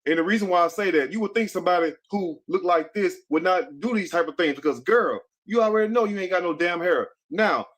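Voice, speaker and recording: A man's voice: high-pitched, a little fast, hardly any pauses, fairly bright tone. A man doing blunt, mocking gossip-news commentary with plenty of profanity. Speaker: commentary YouTuber in a played clip.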